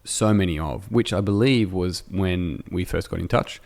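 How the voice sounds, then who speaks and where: A man from Australia hosts a podcast interview, his voice sitting very low. He talks in a loose, rambling way, poking fun at himself as he goes. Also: normal speed, creaky, darkish tone. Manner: rambling, self-deprecating, jokey. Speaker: podcast host. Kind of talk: casual interview chat. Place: indoor room, in person.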